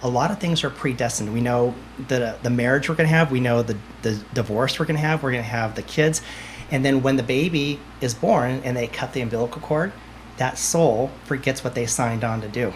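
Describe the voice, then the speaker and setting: A confident man, a medium speaking as a podcast guest, who tells stories with emphasis and circles back over his own phrases. His voice sits at an ordinary middle pitch, and a faint hiss runs under it. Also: a little fast. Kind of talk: conversational interview answers.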